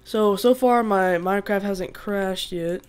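A woman's voice: mid-range voice, unhurried, darkish tone, clear, resonant tone. A woman giving casual, chatty let's-play commentary as she plays a survival game, laughing often and bursting out in exasperation at the animals. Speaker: gaming video host.

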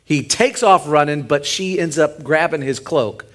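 A man, a pastor co-leading a sermon, retelling a Bible story in an animated, joking way. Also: fairly high pitch, measured pace. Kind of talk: sermon, co-preaching.

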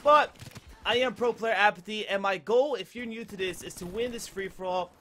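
A young man giving excited gameplay commentary, breaking into loud outbursts and trash talk. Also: sits high, brisk, slight background noise. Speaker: gaming video creator.

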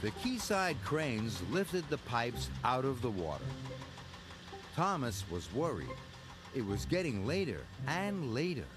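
A man reading a children's storybook aloud, slow and expressive. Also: mid-range voice. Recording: narration over background music.

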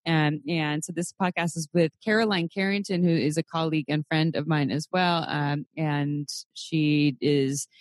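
A young adult woman co-hosting a podcast in casual chat, candid, swearing freely and laughing often with animated outbursts. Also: sits low, moderate pace, few pauses, dry recording, clean studio sound. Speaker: podcast co-host.

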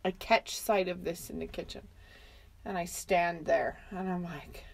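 A middle-aged woman co-hosting a podcast, telling a comic story in a casual, animated way with bursts of laughter. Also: on the low side, unhurried, vocal fry. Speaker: podcast co-host.

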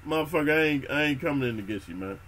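A fast-talking middle-aged man with an expressive, mid-range, somewhat bright voice hosts a YouTube prison-story channel. Unscripted and casual, he tells prison and military stories in heavy street slang, swears a lot, and refers to the listener as "homie."

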